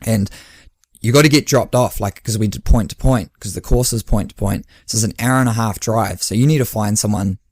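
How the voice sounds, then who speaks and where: Chatty low-voiced New man. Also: a little mellow, no echo, clean studio sound. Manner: chatty, laughing often, acts out his own dialogue. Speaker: podcast co-host and endurance coach. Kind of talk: casual chat.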